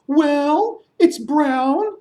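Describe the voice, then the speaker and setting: An eager, squeaky little bat from a children's story. The voice sits very high and jumps around. It pipes up and says things twice. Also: male voice, animated, extremely slow, darkish tone, roomy sound, full character voice. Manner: high-pitched, eager, repeats itself. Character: squeaky excited small bat.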